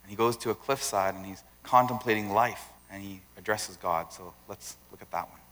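A man's voice: lowish voice, moderate pace. A male pastor preaching a sermon in a conversational way. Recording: long hall reverb.

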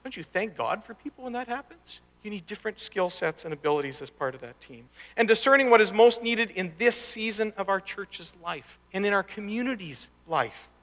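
A male pastor delivers a sermon in a chatty, storytelling manner with folksy asides. His voice sits high and sounds bright and forceful. It rings out in a long church reverb. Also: animated, a little fast, few pauses. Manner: conversational, anecdotal, folksy asides.

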